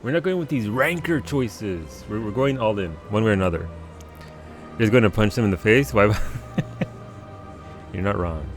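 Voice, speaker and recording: A man's voice: fairly low pitch, unhurried, long pauses, soft background music. A man streaming a game live, chatting casually with his viewers, laughing often and restarting his sentences. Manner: animated, laughing, stammering restarts. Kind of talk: casual live gameplay commentary.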